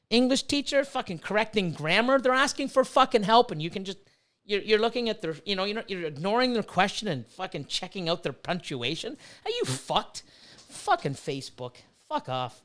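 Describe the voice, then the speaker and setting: Middle-aged man, higher-pitched voice, heated and profane casual stream rant. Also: lively intonation, normal speed, fairly bright tone. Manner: profane, heated, repetitive ranting. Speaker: livestream host and reptile breeder.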